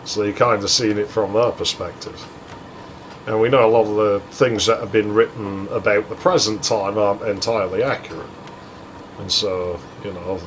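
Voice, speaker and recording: Male let's-play host, lowish voice, sweary sardonic rambler. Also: slight background noise, rough recording. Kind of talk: rambling commentary over gameplay.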